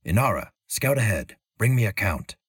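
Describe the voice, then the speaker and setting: A man voicing a stern, furred male forest archer in a storybook reading, low and gravelly, speaking in short commands. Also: very animated, normal speed, no echo, clean studio sound. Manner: terse, commanding.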